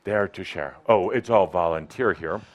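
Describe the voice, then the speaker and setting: A man leads a live workshop for an audience, speaking into a handheld or clip-on microphone in a playful, teasing, coaching manner. His voice is low-pitched and he speaks at normal speed.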